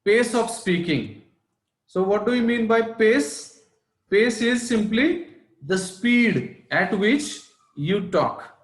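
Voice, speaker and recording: A man's voice: sits high, expressive, slow, roomy sound. A man giving an online lecture on public speaking, explaining his points and often checking in with "right?". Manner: explanatory, repeats points, asks rhetorical "right?". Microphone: online class audio.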